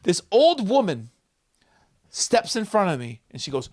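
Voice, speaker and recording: A man, a comedian guest on a podcast, telling a story with a profane, excitable manner and loud acted-out quotes. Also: high voice, measured pace. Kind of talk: animated storytelling. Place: podcast studio.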